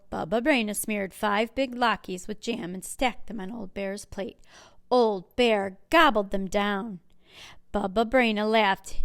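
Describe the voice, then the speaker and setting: A woman working as a children's librarian, reading a picture book aloud with clear, expressive storytelling. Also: medium pitch, a little slow, no echo, studio quality.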